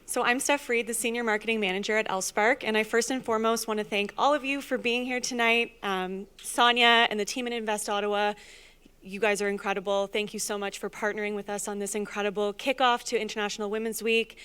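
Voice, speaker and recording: A woman's voice: medium pitch, fairly even intonation, fairly quick, a bit bright, smooth. A woman representing a partner company, giving enthusiastic closing thanks at an event. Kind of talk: closing thank-you remarks.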